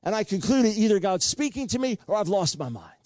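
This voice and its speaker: A man's voice: high voice, very animated, fairly quick, a little mellow, no room sound, clean studio sound. An older man preaching a sermon, telling a personal story earnestly and repeating words for emphasis.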